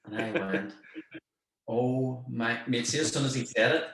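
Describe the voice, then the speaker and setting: A man's voice: medium pitch, a little slow, vocal fry. Echoey Northern Irish man telling stories. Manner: animated anecdote, acts out quoted voices. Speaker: guest, football manager. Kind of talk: casual storytelling chat. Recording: very echoey room.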